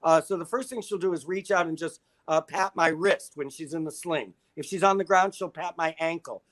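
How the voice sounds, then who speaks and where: A man's voice: on the high side, moderate pace, fairly bright tone. An older man, a guest in a casual interview, telling long stories in a wry, self-deprecating way.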